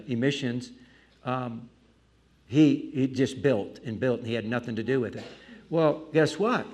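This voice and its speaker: A male preacher tells a personal dinner-table story with lively energy. He jumps into asides, pokes fun at himself, and acts out the scene as he goes. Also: medium pitch. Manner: animated, self-mocking asides, acts out the scene. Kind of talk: anecdotal storytelling.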